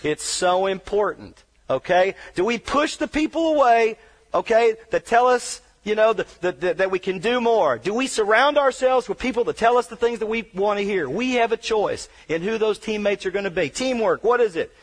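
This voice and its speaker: High-voiced man telling a dramatic story. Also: animated, normal speed. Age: adult wheelchair user, paralyzed from injury. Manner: dramatic storytelling, swings from hushed to shouting; self-deprecating humor. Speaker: motivational speaker. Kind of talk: motivational speech.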